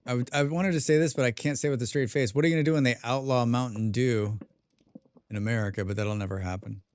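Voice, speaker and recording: A man's voice: mid-range voice, steady tone, fast, darkish tone, clean tone. A man live-streaming a survival game, reading viewer chat aloud and answering with dry, rambling jokes, humming and mumbling to himself in between.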